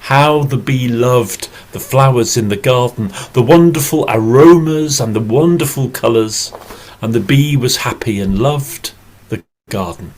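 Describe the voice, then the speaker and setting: A man from England, telling a story slowly and expressively over a video call. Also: mid-range voice, rough recording. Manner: slow, deliberate and expressive. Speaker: storyteller and English teacher. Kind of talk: oral storytelling.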